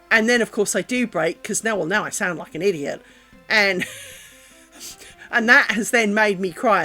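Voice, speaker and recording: A mid-range, slightly bright female voice belongs to a British crafter livestreaming her work. Her casual chat on the streaming mic is candid and rambling, with self-deprecating humor and occasional swearing.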